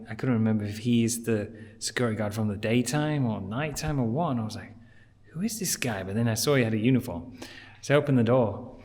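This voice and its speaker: A man telling a travel vlog story in a jokey, animated way, now and then dropping to a hush, outside a villa at night. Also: mid-range voice. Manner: animated, jokey, drops to hushed tones. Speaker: travel vlogger. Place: villa pool area at night.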